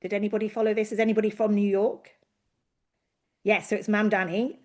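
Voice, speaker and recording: A woman giving an expert presentation on a video call, lively and given to acting out quoted voices. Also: a little fast. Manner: lively, acts out quoted voices with big pitch jumps. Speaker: invited expert speaker. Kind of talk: online presentation to a learning session.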